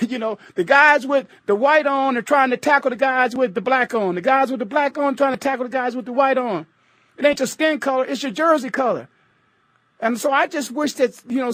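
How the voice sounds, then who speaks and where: A man's voice: very high-pitched, a bit bright, no echo. A middle-aged man from the United States hosting a radio talk show, speaking in an emphatic, preachy and repetitive way.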